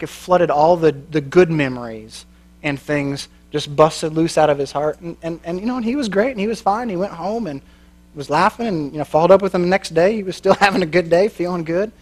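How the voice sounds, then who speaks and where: A man with a rather high voice preaches to a church crowd. He tells his story in a loose, folksy way, cracks jokes and laughs at his own lines. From American Midwest. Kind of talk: sermon with storytelling.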